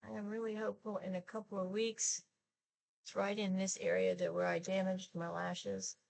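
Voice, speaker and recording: A woman's voice: mid-range voice, little pitch movement, gravelly, darkish tone. A woman in her sixties chatting casually while she applies her makeup for a get-ready-with-me video. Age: 60s. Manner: slow, chatty, talks while applying makeup. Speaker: beauty vlogger.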